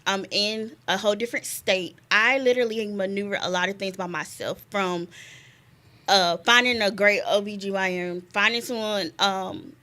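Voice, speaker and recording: A young woman, a guest telling a personal story in an animated way, laughing often and repeating words. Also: mid-range voice, normal speed. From North Carolina, US. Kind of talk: casual conversation, personal story.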